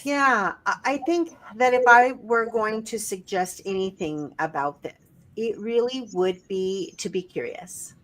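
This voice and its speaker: Woman telling stories, animated. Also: mid-range voice, unhurried. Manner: storytelling, animated when quoting others. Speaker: podcast co-host. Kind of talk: casual conversation.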